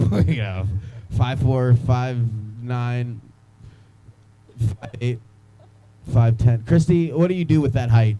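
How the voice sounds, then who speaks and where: A man's voice: mid-range voice, dark tone, rough recording. A young man doing stand-up comedy in a small club, rambling loosely and teasing the crowd.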